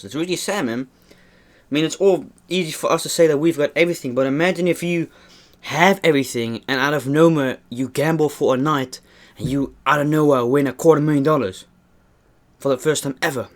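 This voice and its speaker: A man's voice: mid-range voice, moderate pace. A young man hosting a mukbang vlog, talking to the camera in a rambling, earnest way and often calling his viewers "man". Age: young adult. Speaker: mukbang vlogger. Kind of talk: casual talk to camera while eating.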